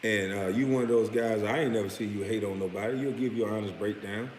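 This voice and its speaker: A man's voice: lowish voice, steady tone, quick pace, darkish tone. A man in his late thirties, a former pro basketball player, ranting in a heated, profane, mocking way. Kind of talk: profane rant. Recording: echoey room with long reverb, faint noise.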